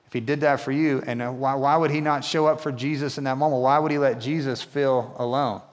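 A man's voice: medium pitch, fairly even intonation, brisk. A man preaching a sermon in a casual, conversational way, often asking the congregation questions. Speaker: pastor. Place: church hall. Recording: long reverb of a church hall.

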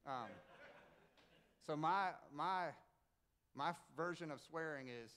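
A man's voice: on the high side, slow pace, smooth. A middle-aged man, a pastor who also coaches basketball, preaching a conversational sermon and telling stories with emphatic, joking asides. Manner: animated storyteller, emphatic, jokey asides. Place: church sanctuary with congregation.

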